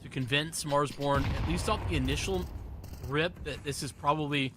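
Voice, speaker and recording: A man doing quick, vivid play-by-play commentary on an esports match. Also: on the high side, noisy background. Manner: quick, vivid calls of the action.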